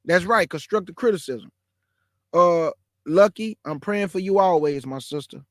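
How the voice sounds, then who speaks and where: A man's voice: high voice, animated, normal speed, dry recording, clean studio sound. A man in his forties giving a casual, emphatic preaching talk as a caller in an online religious discussion, calling his listeners bro and y'all. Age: 40s.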